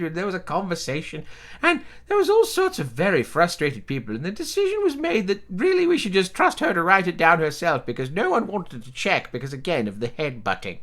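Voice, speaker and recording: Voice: mid-range voice, fairly bright tone. A player voicing a long-winded, doting elderly great-aunt who tells meandering family stories. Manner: rambling, meandering storytelling.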